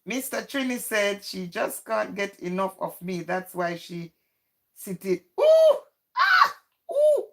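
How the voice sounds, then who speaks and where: A woman's voice: medium pitch, measured pace. A woman hosting a casual live stream, chatty and teasing, greeting viewers by name and reading out their comments.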